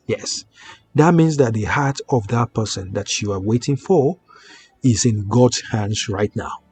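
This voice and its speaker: A man slowly teaching viewers a prayer ritual, coaxing them along and often checking in with "okay?" and "right?". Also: mid-range voice. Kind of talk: slow instructional prayer teaching. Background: soft background music.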